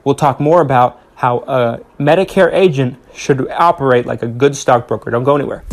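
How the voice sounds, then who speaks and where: A man's voice: mid-range voice, normal speed, vocal fry. A man hosting a solo insurance podcast, talking earnestly to his listeners, stressing key points and often repeating words as he restarts. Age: young adult. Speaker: podcast host, Medicare insurance agent.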